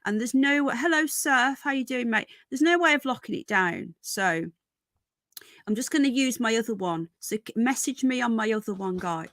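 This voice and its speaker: A woman hosts a casual livestream from home, greeting each viewer by name and calling them darling and sweetheart. Her voice sits fairly high. The sound is dry and close, with little room around it. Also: animated, normal speed, fairly bright tone, no room sound. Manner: chatty, affectionate, calls viewers darling and sweetheart. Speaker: livestream host.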